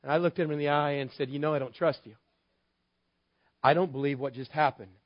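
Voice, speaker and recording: A man's voice: on the high side, steady tone, a little fast, no room sound. A man preaching a sermon as a pastor, telling a story in a candid, conversational way with wry humor. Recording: dull, lo-fi dry sound.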